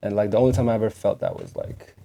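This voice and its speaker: A man's voice: lowish voice, fast, gravelly, a little hiss or hum. A young man co-hosting a podcast, chatting casually and animatedly, filling his talk with "like". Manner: animated, rambling, heavy use of "like". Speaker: podcast co-host. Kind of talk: casual chat.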